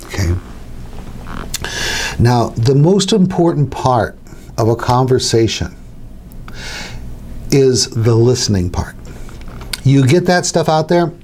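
A man's voice: mid-range voice, expressive, slow, pauses often, a little mellow, slight background noise. A middle-aged man who works as a hypnotist, teaching other hypnotists in a casual, conversational way. He repeats his key phrases and acts out little dialogues. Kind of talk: instructional talk to camera.

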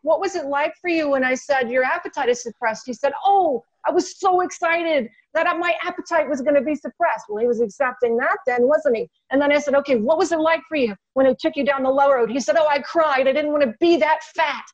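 A woman's voice: high-pitched, a little fast, hardly any pauses, dull audio. A woman hypnotist in casual teaching talk, telling stories animatedly and acting out her client's lines. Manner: animated storytelling, acts out client dialogue. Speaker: guest hypnotist.

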